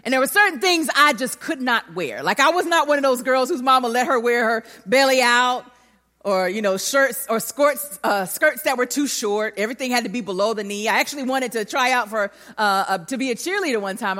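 Here a woman with a fairly high voice speaks briskly from the pulpit, recounting something from her own life. She animatedly performs the voices of each character, with the sound trailing into long hall reverb.

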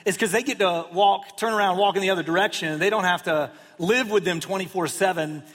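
High-voiced pastor in a reverberant church. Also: male voice, a little fast, fairly bright tone. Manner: conversational, self-deprecating humor with acted-out quotes. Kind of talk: sermon. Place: church sanctuary. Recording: long hall reverb.

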